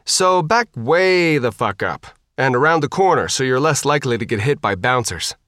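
A man voicing a tough, brash thirteen-year-old girl fighter who shouts and swears. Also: medium pitch, animated, moderate pace, dry recording, studio quality, close to an everyday voice. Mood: commanding.

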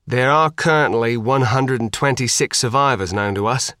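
Man reading grave formal commander, measured delivery, dry recording, audiobook. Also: mid-range voice, fairly bright tone, dry recording, close to an everyday voice.

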